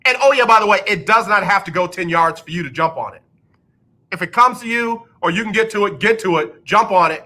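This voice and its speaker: Bright-voiced sarcastic male sports host. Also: high voice, animated, moderate pace. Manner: sarcastic, repeats lines for comic effect. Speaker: radio show host. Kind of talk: casual sports talk. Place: radio studio.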